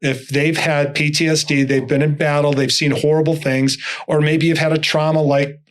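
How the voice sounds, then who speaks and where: Older guy, motivational speaker, higher-ish voice, acts out little dialogues as he goes. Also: normal speed. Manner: animated, acts out dialogue in stories. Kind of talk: storytelling interview talk.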